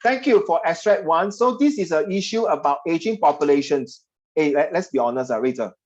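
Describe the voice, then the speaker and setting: A man's voice: on the high side, a little fast, a little mellow. Man, Singaporean English accent, chatty, teasing, tutor on a video call, dull lo-fi sound. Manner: chatty, teasing, puts on voices of parents and students. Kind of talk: online class teaching.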